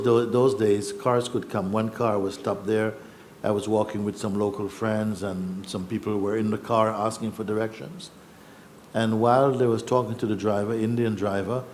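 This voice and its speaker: A man giving a spiritual talk, telling a personal story in an unhurried, reflective way with soft laughs and hesitations. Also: on the low side, slight background noise. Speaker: spiritual teacher. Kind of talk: satsang storytelling. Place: satsang gathering in Rishikesh.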